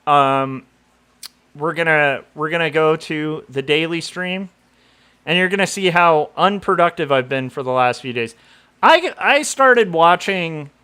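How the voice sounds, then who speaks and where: A man's voice: fairly high pitch, unhurried, pushed and bright, smooth. A middle-aged man from Southern California chatting casually on a livestream, rambling with lots of fillers and laughing at himself. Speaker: comic artist streamer.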